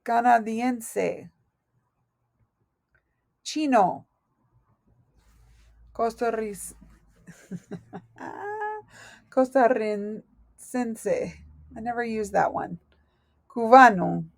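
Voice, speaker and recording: A woman teaching a Spanish lesson from her notes, speaking slowly and deliberately and correcting herself aloud as she goes. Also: on the high side, gravelly, no room sound. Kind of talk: recorded lesson reading through notes.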